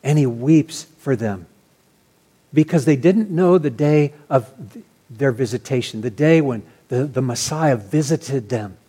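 A man preaching a sermon as pastor, earnest and animated, sometimes restarting his phrases. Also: medium pitch, measured pace.

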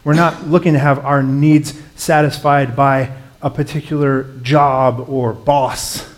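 A man's voice: medium pitch, level tone, slow pace. Earnest man preaching a sermon. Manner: earnest, conversational preaching with swells of emphasis. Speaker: pastor.

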